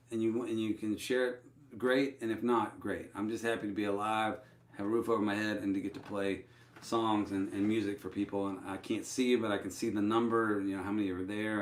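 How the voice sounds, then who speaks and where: A man's voice: lowish voice, reverberant. A man with a Texan accent, a musician hosting his own livestream, talking loosely with many fillers and restarts. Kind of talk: casual livestream chat.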